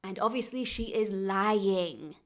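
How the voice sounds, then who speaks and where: A chatty woman hosts a casual lesson, retelling an ancient myth as a lively story. She is sarcastic and keeps checking in with her listeners as she goes. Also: medium pitch, slow pace. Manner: chatty, sarcastic, frequent tag questions. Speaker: mythology explainer, channel host.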